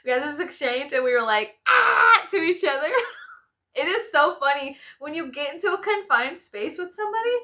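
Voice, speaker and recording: A high, lively young woman chatting straight to her subscribers, her bright voice jumping up and down as she laughs through a story. She swears freely and mocks herself with big dramatic flourishes. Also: normal speed. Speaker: vlogger. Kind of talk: casual storytime chat to subscribers.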